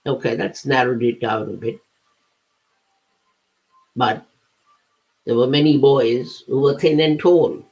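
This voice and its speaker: A man's voice: medium pitch, fairly even intonation, slow pace, pauses often, darkish tone, rough recording. A man giving a patient, step-by-step talk that explains scripture, with occasional hesitations and self-corrections. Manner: patient, step-by-step teaching with everyday examples. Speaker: religious lecturer.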